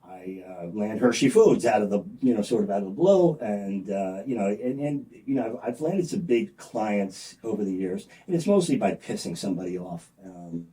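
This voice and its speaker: Distant blunt man with a dark voice. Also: low-pitched. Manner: rambling, many fillers and restarts; blunt, salesy storyteller. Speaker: interview guest. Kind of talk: casual storytelling interview.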